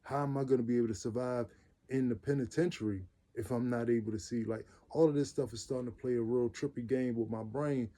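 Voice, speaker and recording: Earnest man with a mellow voice. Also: medium pitch, steady tone, quick pace. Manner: earnest, repeats phrases for emphasis; loose everyday speech with restarts. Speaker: vlogger telling his own life story. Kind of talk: casual personal storytelling.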